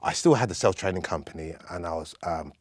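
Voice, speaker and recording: Animated man telling his life story. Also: low voice, fast talker. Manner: animated, acts out other people's voices as he tells stories. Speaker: guest. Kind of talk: storytelling interview.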